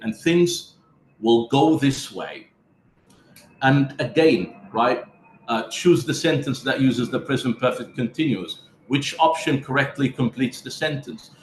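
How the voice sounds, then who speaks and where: A man's voice: medium pitch, roomy sound. A man giving an online conference talk that explains step by step how to teach grammar through questions, and he calls his listeners his friends. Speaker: teacher trainer.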